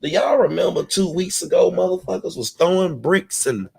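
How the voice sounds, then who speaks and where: A man's voice: high voice, expressive, normal speed, gravelly, warm tone, husky. A man talks straight to his channel audience in a loose, profane rant. He slips into short mocking impressions of other people, then drops back into his own casual voice. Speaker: commentary channel host. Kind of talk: casual ranting commentary.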